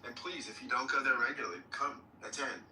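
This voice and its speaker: A man's voice: medium pitch, quick pace, pushed and bright, reverberant, distant mic, soft background music, rough recording. A man moderating a live audio chat room, friendly and upbeat as he plugs the weekend shows.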